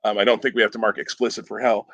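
A man's voice: fairly low pitch, level tone, rapid-fire, a bit bright, no room sound, dull audio. A man hosting a podcast, telling a long rambling story in casual chat, often breaking off with fillers and chuckles. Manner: rambling, self-interrupting, chuckling. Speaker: podcast host.

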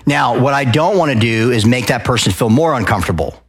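A man from Arizona speaking at a live event, lecturing an audience in a loud, passionate way and often checking in with "okay?" and questions. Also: medium pitch, expressive, a little fast, husky. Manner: addresses the crowd with frequent "okay?" and questions.

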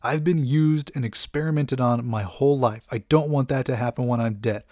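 A man's voice: mid-range voice, normal speed, darkish tone, dry recording, studio quality, close to an everyday voice. A man voicing an earnest male mutant fighter in a casual retelling, speaking with pleading seriousness.

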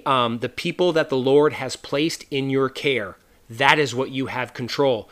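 A man's voice: medium pitch, unhurried, a bit bright. Earnest man hosting a faith podcast. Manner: earnest, conversational, many fillers and restarts. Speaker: podcast host.

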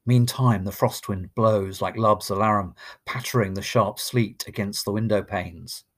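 A man reading a long narrative poem aloud in a measured, expressive way. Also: lowish voice. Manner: slow, measured, expressive recitation. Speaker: poetry reader. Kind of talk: dramatic poetry reading.

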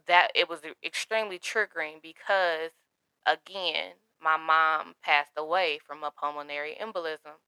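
Young woman, candid storyteller, crisp bright tone. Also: deep voice, moderate pace, no room sound. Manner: candid, emotional, quotes others in her own voice. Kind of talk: personal storytelling to camera.

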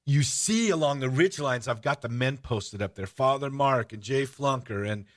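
A man hosting a radio-style podcast, telling stories in a casual, animated way. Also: medium pitch, moderate pace. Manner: storytelling, animated, shouts out rallying cries. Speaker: podcast host. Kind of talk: casual radio-show chat.

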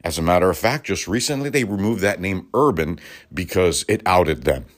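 A man's voice: low voice, expressive, normal speed. A middle-aged man from Los Angeles hosting a political talk-radio show, delivering a heated, profane and emphatic rant with sarcastic asides. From Los Angeles, United States.

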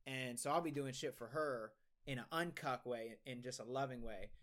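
A man's voice: mid-range voice, normal speed, a bit bright. A young man co-hosting a podcast, telling a long story in casual, rambling talk full of swearing and restarts. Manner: rambling, profane, many restarts. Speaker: podcast co-host.

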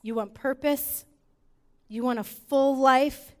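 A woman preaching a sermon to a women's gathering, soft and reflective, growing louder when calling the room to worship. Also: high voice, fairly even intonation, slow pace. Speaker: women's ministry speaker.

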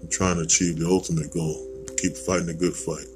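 A man's voice: low voice, level tone, brisk, over music, rough recording. An American man hosting a podcast, rambling through a blunt, digressive opinion monologue with casual swearing. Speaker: podcast host.

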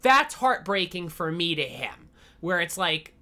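Podcast dude chatting football, bright voice, rambles, gets fired up. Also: male voice, fairly high pitch, a little slow. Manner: rambling, animated, self-deprecating. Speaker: podcast co-host. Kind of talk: casual football chat.

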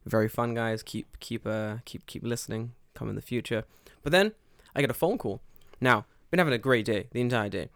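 Animated, profane young man telling stories. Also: medium pitch, fairly quick, gravelly, hardly any pauses, no room sound, studio quality. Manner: animated, profane, acts out quoted dialogue. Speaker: podcast co-host. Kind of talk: casual storytelling chat.

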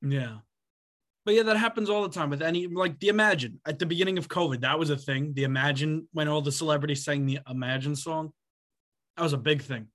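A man's voice: fairly high pitch, fairly quick, fairly bright tone. A young man co-hosting a casual podcast, teasing his friend with dry sarcasm and frequent laughs. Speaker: podcast co-host.

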